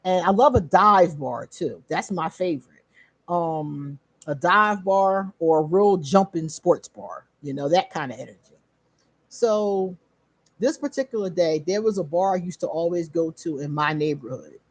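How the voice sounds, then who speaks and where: A woman hosting her own channel, casually telling a story straight to her viewers, animated, laughing often and swearing freely. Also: on the low side, a little slow, breathy edge, dry recording. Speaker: channel host.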